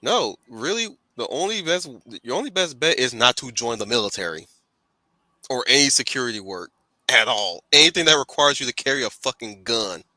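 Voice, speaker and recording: A man's voice: medium pitch, very animated, moderate pace, pushed and bright, no room sound. A man hosting a casual manga read-along, talking animatedly and swearing freely. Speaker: host.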